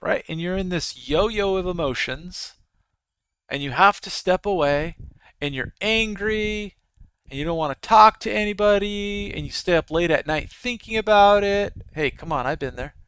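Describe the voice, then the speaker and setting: Smooth-voiced man rambling through trading talk. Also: high-pitched, normal speed, a bit bright, dry recording, poor audio. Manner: rambling, conversational, frequent restarts. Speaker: futures trader streaming live. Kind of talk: casual live trading commentary.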